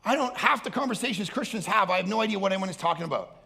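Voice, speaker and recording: A male pastor preaching an energetic sermon, loud and animated, often breaking into acted-out voices. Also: high voice, rapid-fire, creaky. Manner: animated, loud, acts out other people's voices.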